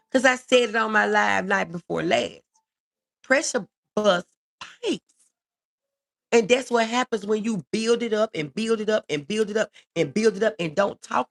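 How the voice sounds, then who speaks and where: A woman talks on a casual livestream at a middle pitch, with a gravelly edge of vocal fry. She answers viewer comments in an earnest, reassuring way and often repeats her key phrases.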